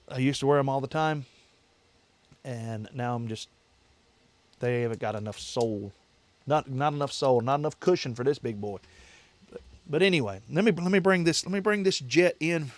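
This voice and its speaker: A livestream host with a medium-pitched voice answers viewers in a casual chat, rambling, repeating himself, and laughing easily. The recording is dry.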